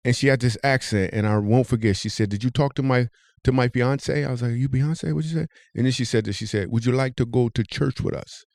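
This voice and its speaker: Man, comic storyteller, animated, podcast host, dry room. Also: fairly quick, dry recording. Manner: animated, jumps high when telling the punchline.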